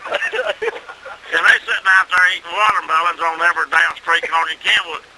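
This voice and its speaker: Gravelly man telling a tall tale. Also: on the high side, moderate pace, slight background noise, low-quality recording. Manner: salty rural storytelling, cussing, grows loud and excited with laughs. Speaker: storyteller. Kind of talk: casual folksy storytelling.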